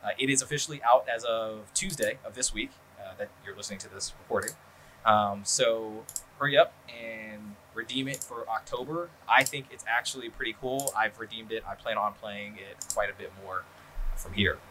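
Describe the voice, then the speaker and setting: Slightly background noise sits behind this man's lowish, bright, forceful voice as he talks at normal speed. Hosting a casual podcast chat, he rambles, curses a lot, and keeps saying um and like.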